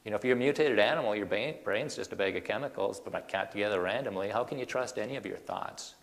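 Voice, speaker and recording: Gravelly man lecturing in a hall. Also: lowish voice, fast talker. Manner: animated, rhetorical questions, folksy fillers. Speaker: creationist speaker. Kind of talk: presentation to an audience.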